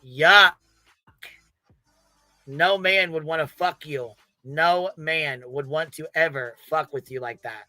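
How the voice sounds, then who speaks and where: Man, fairly high voice, slow drawl, crude mock-disgusted rant, livestream panel talk. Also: bright, forceful tone, no echo. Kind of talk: casual profane commentary.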